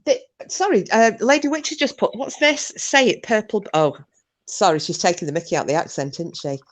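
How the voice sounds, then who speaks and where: A woman's voice: medium pitch, brisk. A woman hosting a livestream, chatting casually, swearing freely and reading out viewer comments. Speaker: livestream host. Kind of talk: casual chat.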